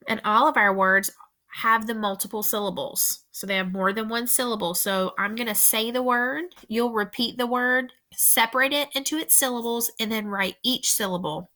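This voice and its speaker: A female teacher dictates a spelling test to young pupils at a slow pace, repeating every word and giving careful, deliberate instructions. Her voice sits a little high and sounds pushed and bright.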